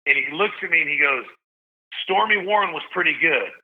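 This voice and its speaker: A man's voice: on the high side, lively intonation, fairly quick. A man in his forties from Tennessee, a podcast guest telling a story in a casual, slangy way and acting out the voices he quotes. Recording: tinny phone-line sound.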